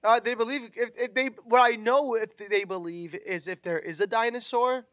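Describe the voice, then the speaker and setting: A man's voice: very high-pitched, moderate pace, a bit bright. A young man co-hosting a casual chat, joking and laughing often. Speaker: podcast co-host.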